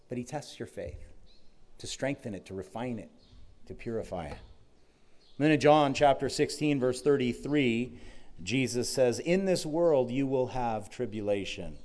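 A man preaching a sermon, retelling gospel stories and dropping his voice softly when quoting the words of Jesus. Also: mid-range voice. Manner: storytelling, quietly voicing Jesus' words. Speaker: pastor.

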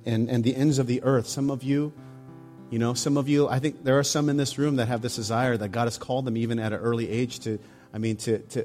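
A man preaching a sermon and leading a closing prayer, earnest and halting, with many restarts. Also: mid-range voice, a little mellow. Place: church meeting room.

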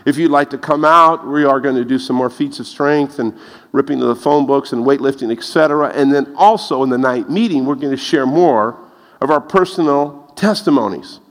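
A man preaching a lively sermon, telling stories and laughing at his own jokes. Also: normal speed. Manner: animated, laughs at his own jokes, rises in pitch when excited. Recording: long reverb of a large hall.

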